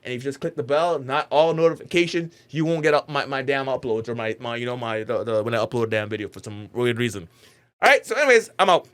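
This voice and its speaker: A man talking casually as a YouTuber in a reaction vlog, rambling and animated, with many "like"s. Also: medium pitch, fast talker. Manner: rambling, animated, heavy use of "like".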